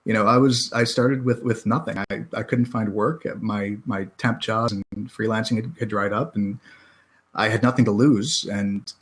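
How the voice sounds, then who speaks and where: American male author, guest on a podcast; halting, wry, conversational. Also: lowish voice, fairly even intonation. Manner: halting, many restarts and self-deprecating laughs. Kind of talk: casual podcast chat.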